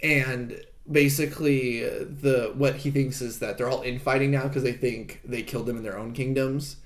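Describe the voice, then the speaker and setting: A man co-hosting a casual podcast, retelling a film's plot in an animated way and acting out the characters' lines. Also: mid-range voice, moderate pace. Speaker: podcast co-host recapping a film. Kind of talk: casual chat. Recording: echoey room.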